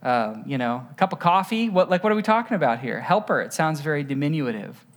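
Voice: medium pitch, animated, fast. A pastor preaching a conversational sermon, asking the listeners rhetorical questions and telling stories with voiced sound effects.

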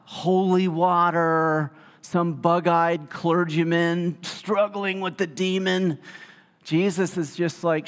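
A male pastor preaching a sermon in a conversational, animated storytelling way, with casual asides. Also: a little high. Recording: reverberant hall sound.

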